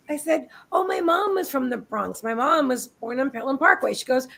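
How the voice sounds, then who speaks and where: High-voiced chatty woman telling a story. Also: expressive, moderate pace, creaky, few pauses, a bit bright, rough recording. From United States. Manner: chatty storyteller, rambling with restarts and asides. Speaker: co-host of a live psychic reading show. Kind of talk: casual live-stream chat. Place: home. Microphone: webcam on a live video stream.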